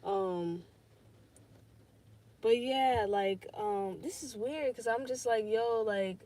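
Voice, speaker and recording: A woman's voice: fairly high pitch, takes it slowly, warm tone. A young woman hosting a casual podcast livestream, rambling and swearing as she thinks aloud, with lots of fillers. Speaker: podcast host.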